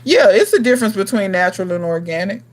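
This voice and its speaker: A woman's voice: mid-range voice, lively intonation, quick pace. Blunt, slangy woman in her thirties. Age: 30s. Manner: emphatic, slangy and blunt, talking straight to viewers. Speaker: gardening channel host. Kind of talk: casual livestream chat answering viewers.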